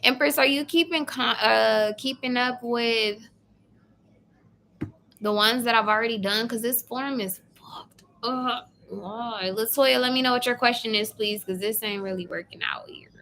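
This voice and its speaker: Woman tarot reader, casual live session; blunt, chatty, a bit high in pitch. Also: fairly even intonation, moderate pace, sharp tone, a little hiss or hum. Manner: chatty, blunt, swears casually, addresses viewers by name.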